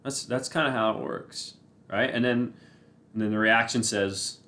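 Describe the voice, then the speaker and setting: A man's voice: fairly high pitch, fairly even intonation, normal speed, a bit bright. A man talking casually and rambling as he explains ideas, often asking "right?" and repeating phrases for emphasis. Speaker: channel host. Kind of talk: casual spoken talk on Buddhism and the mind.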